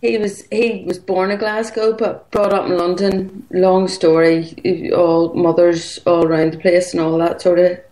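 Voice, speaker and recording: A woman's voice: fairly low pitch, flat delivery, unhurried, few pauses, dark tone, rough recording. A woman with a Northern Irish accent calling in to a show, blunt, joking and swearing casually. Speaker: caller. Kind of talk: casual call-in chat.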